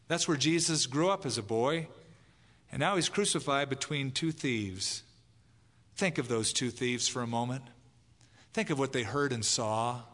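Man preacher, slightly high voice, animated delivery, big hall echo. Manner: animated, acts out voices in quotes. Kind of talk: evangelistic sermon. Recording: long hall reverb.

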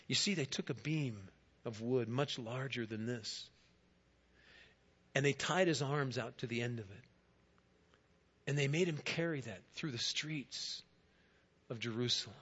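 A man, a guest speaker in a church, giving a first-person dramatic monologue in a storytelling manner, swelling loud and then dropping quiet. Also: mid-range voice, husky. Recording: dull lo-fi recording.

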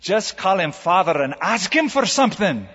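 A woman's voice: medium pitch, big pitch swings, moderate pace, fairly bright tone, a little hiss or hum, pitched above the performer's own voice. A man voicing a fed-up older Scottish woman who speaks bluntly and impatiently. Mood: exasperated. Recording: lo-fi with long hall reverb.

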